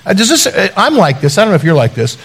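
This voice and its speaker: A middle-aged pastor preaching a sermon, his voice sitting fairly high for a man. He tells stories in a relaxed, conversational way with self-deprecating humor. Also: fast, vocal fry, husky.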